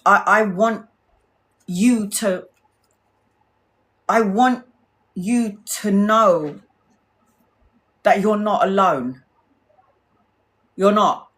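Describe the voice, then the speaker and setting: Woman, tarot live-stream host, earnest, emotional, blunt, swears freely. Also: medium pitch. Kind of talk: heartfelt casual live-stream chat.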